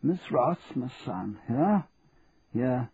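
Audiobook: man doing a dry, formal old solicitor, lively pitch, thin phone-like sound. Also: extremely slow, breathy edge, full character voice. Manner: precise, courteous, dry. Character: formal elderly male solicitor. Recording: tinny narrow band, faint hiss.

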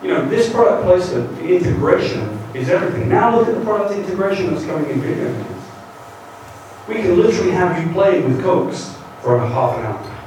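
A man's voice: high-pitched, brisk, slight background noise. Joking British man lecturing in echoey hall. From Great Britain. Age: 40s. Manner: lively, joking, acts out quotes. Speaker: guest lecturer. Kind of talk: conference talk. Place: large university lecture hall. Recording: echoey hall taped from far off.

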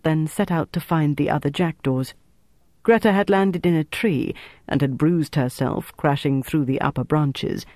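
Male audiobook narrator, slightly high voice, steady measured pace. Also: no echo.

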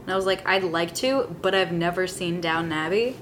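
A woman's voice: on the low side, brisk, background noise. Playful young woman on a call. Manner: playful, breaks into singing. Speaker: podcast co-host. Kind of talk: casual chat over a video call.

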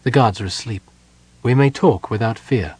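A man voicing a calm, devout young woman prisoner who speaks softly but firmly. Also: medium pitch, moderate pace, breathy edge, no room sound, close to an everyday voice. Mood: serene.

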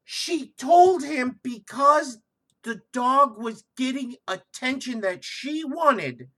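Podcast co-host, man, husky, bright, swears a lot, very animated delivery. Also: very high-pitched. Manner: profane, loud and animated storytelling. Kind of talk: casual comedic chat.

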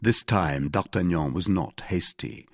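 A man narrating a classic novel in a measured, expressive reading. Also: low voice, no room sound, clean studio sound. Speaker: audiobook narrator.

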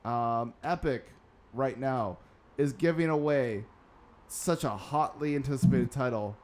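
A man's voice: medium pitch, unhurried, a little mellow, a little hiss or hum. A man hosting a casual gaming news podcast, sarcastic and swearing now and then. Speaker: podcast host.

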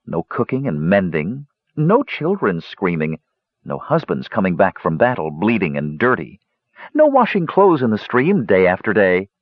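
A man's voice: on the low side, husky, dry recording, exaggerated voice. A man voicing a carefree young blonde woman who chatters in a lilting, dismissive way. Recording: dull lo-fi dry recording.

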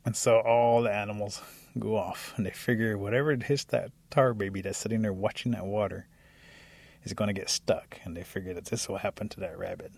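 A man telling a traditional animal folk tale in a lively, animated way. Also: fairly low pitch, brisk, gravelly, husky, no room sound. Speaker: storyteller. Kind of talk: oral storytelling.

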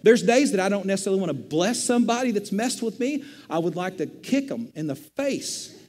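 A middle-aged man, a pastor, preaching a sermon in a conversational, animated storytelling manner. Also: high voice, a little fast, in a large hall.

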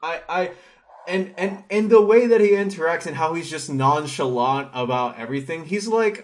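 A man co-hosting a casual comic book podcast, animated, acting out characters' lines as he retells scenes. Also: fairly high pitch, moderate pace. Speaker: podcast co-host.

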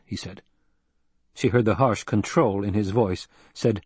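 A man giving steady, measured audiobook narration, recorded close on a studio mic. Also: on the low side, breathy edge, dry recording.

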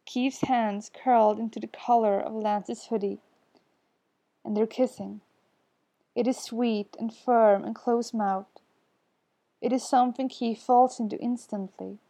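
A woman narrates fiction aloud for a podfic, slow and unhurried. Her voice is mellow and soft, with an intimate storytelling feel. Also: mid-range voice, vocal fry. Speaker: podfic reader. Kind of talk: scripted narration.

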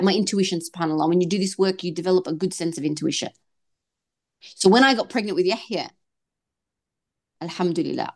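A woman in her thirties, a podcast guest, talking earnestly and with feeling about faith and motherhood. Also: on the low side. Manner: earnest, animated, switches into quoted voices. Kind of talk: emotional faith and fertility talk.

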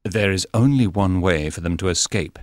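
A man playing a calm, clever detective. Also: low-pitched, no echo, studio quality, natural voice. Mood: tense. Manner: measured, explanatory. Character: calm, clever male detective, commanding and sure. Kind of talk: audiobook character reading.

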